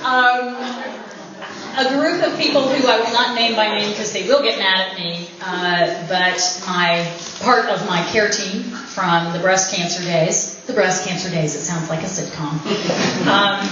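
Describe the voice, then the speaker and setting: A woman's voice: mid-range voice, noisy background. A woman giving an informal speech at her anniversary party in a winery event room, joking and laughing often. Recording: very echoey, dull room recording with ambience.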